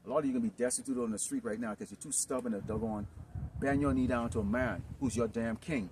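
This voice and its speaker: A man preaching in a rambling, improvised sermon, filling his talk with "okay?" and "you know" and swinging into loud outbursts. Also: medium pitch, fast. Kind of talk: improvised street-camp sermon. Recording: distant mic with noisy background.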